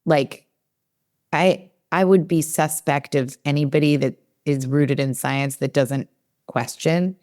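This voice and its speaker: A woman's voice: sits low, steady tone, slow, darkish tone. A woman in her forties, a developmental psychologist, chatting in a podcast interview and acting out her own inner dialogue with many fillers.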